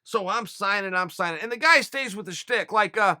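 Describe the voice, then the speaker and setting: Man, host answering fan questions, casual animated storytelling, high pitch, very bright and forceful tone. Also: brisk, hardly any pauses, no echo, clean studio sound. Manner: animated, conversational, retells scenes with quoted dialogue.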